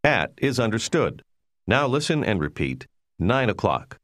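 A man giving scripted instructions in a language course, prompting the listener in a clear, measured way. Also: on the low side, big pitch swings, fairly bright tone, dry recording, clean studio sound.

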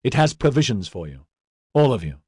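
A man's voice: medium pitch, big pitch swings, brisk, darkish tone, husky, no room sound. A man reading the part of a resolute young male leader who speaks firmly and briefly.

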